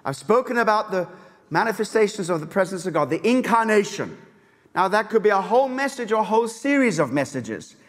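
A southern English pastor delivers a sermon with earnest, emphatic rises and frequent restarts. His voice sits fairly high for a man. It rings with the long reverb of a large church. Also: very animated, fairly quick.

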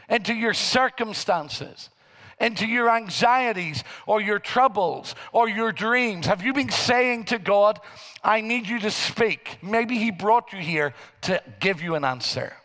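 A man's voice: sits high, pushed and bright. A man preaching a sermon in a church, reading scripture aloud with emphasis. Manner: preaching slowly, rising into emphatic quoted scripture. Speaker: pastor. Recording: church hall with long reverb.

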